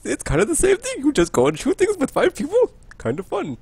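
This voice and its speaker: A man's voice: extremely high pitch, huge pitch swings, brisk, a little mellow, pitched above the performer's own voice, full character voice. A man putting on a put-on posh British accent to voice a pompous, cheerfully deluded male scientist who loves grinding for loot. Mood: smug cheerful. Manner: plummy, prim, chuckling.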